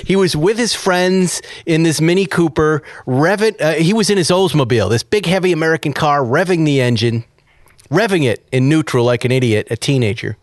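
A man doing an excited chatty neighbor woman. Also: a little high, a little fast, no room sound, clean studio sound, voice pushed up, lightly acted.

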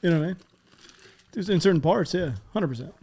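Podcast host guy, kinda high voice, talks easy and opinionated. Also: animated, fast talker, a little mellow, breathy edge. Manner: conversational, opinionated. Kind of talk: casual chat.

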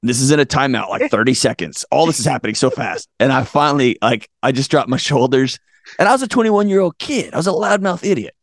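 Middle-aged man, animated storyteller, gravelly tone, dry close mic. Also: mid-range voice, fast talker, no room sound. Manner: lively storyteller, acts out voices, laughs at himself. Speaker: podcast guest.

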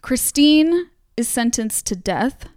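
A woman hosts a casual true-crime podcast, telling the story in a loose, conversational way with plenty of fillers. Her voice is smooth and resonant. The sound is dry and close, with no room echo. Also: a little high, animated, slow, a little mellow. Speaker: podcast host.

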